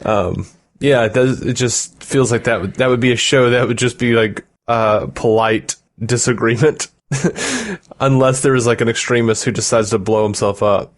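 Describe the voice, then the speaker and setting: A man's voice: medium pitch, fairly even intonation, normal speed. A man co-hosting a podcast in casual chat, rambling with fillers and frequent laughs. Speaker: podcast co-host.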